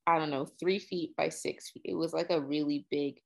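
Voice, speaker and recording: A woman guest on a podcast in casual chat, telling animated stories and laughing. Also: deep voice, normal speed, vocal fry.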